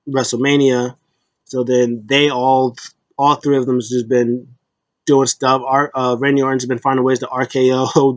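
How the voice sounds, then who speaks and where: A man's voice: mid-range voice, dry recording. A man hosting a casual solo recap, rambling loosely with restarts and fillers. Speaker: wrestling show host. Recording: dull lo-fi dry recording.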